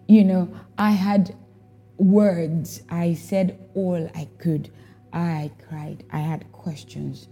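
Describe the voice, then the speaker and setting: Slow and dark-toned, a woman with a lowish voice and fairly even intonation shares her testimony of being a worship leader over soft background music. Her storytelling is reflective and emotional, with repetitions along the way.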